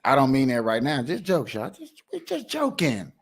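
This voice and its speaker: A man's voice: mid-range voice, normal speed, gravelly, slightly rough. A man hosting a casual, joking commentary show, laughing and riffing. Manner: animated, joking, laughing often. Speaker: host.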